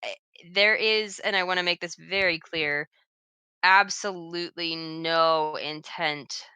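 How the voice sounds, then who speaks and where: Earnest low-voiced woman chatting. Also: takes it slowly, pushed and bright, clear, resonant tone, no echo. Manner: earnest, careful explanations. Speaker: dungeon master. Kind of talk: casual group chat.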